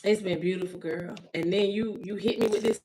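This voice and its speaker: A woman's voice: medium pitch, fairly even intonation, fairly quick, noisy background. A woman tarot reader on an emotional live stream, talking to her viewers, repeating herself and close to tears. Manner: spiritual, ends with a prayer.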